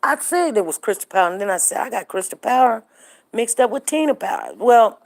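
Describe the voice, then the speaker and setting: A woman's voice: a little high, animated, a little fast, gravelly, darkish tone. A middle-aged woman hosting a live show, chatting casually and telling stories straight to her viewers. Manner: chatty, storytelling, addresses viewers directly.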